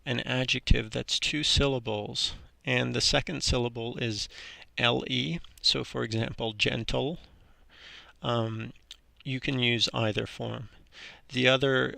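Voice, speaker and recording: A man with a very gravelly, bright voice teaches an English grammar lesson. He talks in a relaxed, halting way, full of ums and restarts. The recording is dry and close. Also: medium pitch, no echo.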